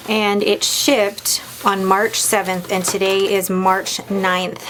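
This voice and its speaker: A young adult woman chatting casually and excitedly as she unboxes a new fountain pen, gushing and restarting her sentences. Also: medium pitch, slow, slight background noise.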